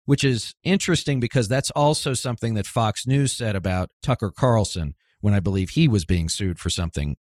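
A man's voice: lowish voice, fairly quick, hardly any pauses, a little mellow, no room sound. Man hosting a podcast panel, dry sound. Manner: steers the talk with questions to panelists. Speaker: podcast host. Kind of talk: casual panel discussion.

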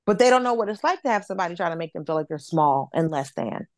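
Profane animated woman from Atlanta. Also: lowish voice, fast talker, no echo. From Atlanta, United States. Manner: animated, profane, acts out voices of others. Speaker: comedian guest. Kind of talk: casual storytelling.

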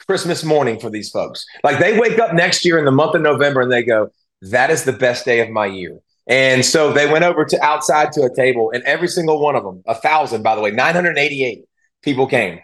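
This former football player turned analyst talks casually as an interview guest in a fairly high, fairly bright voice at a slightly fast clip. His storytelling is heartfelt and emotional, full of false starts.

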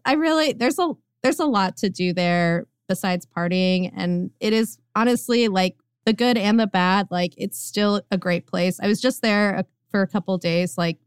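A woman guest on a podcast, chatting casually, full of "like" fillers and quick laughs. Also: mid-range voice, clean tone, no echo, studio quality. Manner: laughing often, lots of "like" fillers. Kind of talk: casual chat.

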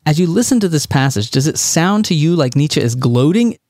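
A man's voice: on the high side, lively intonation, fairly quick, darkish tone, no echo, studio quality. A man from Texas hosting a podcast, talking through a monologue in a conversational, wry way. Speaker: podcast host.

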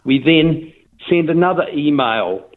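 A man's voice: a little high, lively intonation, a little slow. An older man with a New Zealand accent, telling his story in a casual phone interview, rambling with restarts and fillers. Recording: tinny phone line.

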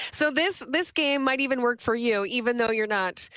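A young woman co-hosts a radio show, talking at a slightly high pitch and spinning stories in a chatty, lively way. She starts over often, and her studio mic sounds close and dry with no room around it. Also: unhurried, clear, resonant tone, dry recording. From Southwestern Ontario, Canada. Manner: chatty, animated storyteller with frequent restarts. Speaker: radio co-host. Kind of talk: casual radio chat. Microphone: studio microphone.

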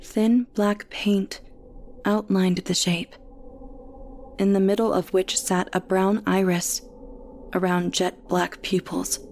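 A woman narrates a first-person story in a quiet, reflective manner. She reads slowly, in a mellow, soft-edged voice at a middle pitch. A faint hum runs under the recording.

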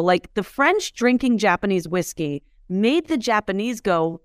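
A woman in her thirties from the United States, a whiskey entrepreneur appearing as a guest, tells her story animatedly in a casual interview. Her medium-pitched voice moves at a moderate pace with hardly any pauses, and she peppers her talk with "like" and acts out quotes. The recording is studio quality with no echo.

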